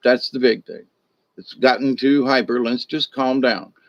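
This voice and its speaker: A man's voice: medium pitch, steady tone, measured pace, no room sound, muffled recording. A middle-aged man, hosting a casual spiritual talk in a rambling, folksy way that repeats itself. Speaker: spiritual discussion host.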